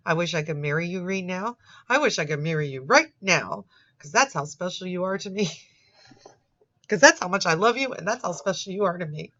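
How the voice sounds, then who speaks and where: A woman reading out a lovesick, clingy young man's chat messages in a slow, mocking way, on a dull lo-fi recording. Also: lowish voice, expressive, fairly bright tone. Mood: mock-sappy. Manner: slow, mocking, drawn-out read-out. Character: lovesick clingy young man in online chats.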